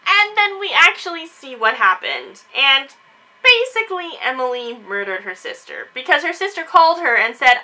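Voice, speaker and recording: A woman chatting casually in a book discussion vlog, animated and quick to act out quotes. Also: high voice, poor audio. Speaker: book reviewer.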